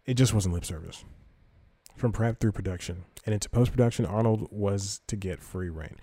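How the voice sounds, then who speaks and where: A man's voice: fairly low pitch, moderate pace, mellow, husky, dry recording. A man hosting a podcast, reading entertainment news aloud and rambling through it with self-corrections and casual asides. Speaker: podcast host.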